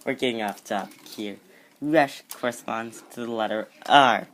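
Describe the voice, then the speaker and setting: Slow-talking man teaching letters casually. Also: mid-range voice, fairly bright tone. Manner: unhurried, self-correcting, with jokey asides. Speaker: amateur teacher. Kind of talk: casual informal lesson.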